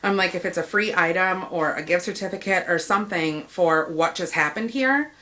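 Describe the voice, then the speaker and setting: Bright-voiced woman recounting a frustrating errand. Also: on the low side, moderate pace. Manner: acts out the dialogue, quoting herself and the clerks. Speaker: customer telling a story. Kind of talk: casual storytelling rant.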